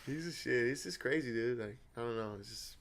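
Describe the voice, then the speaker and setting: A man's voice: mid-range voice, fairly quick, a bit bright, slight background noise. A young man hosting a podcast, telling a family story in casual chat, laughing, swearing and acting out what people said. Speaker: podcast host.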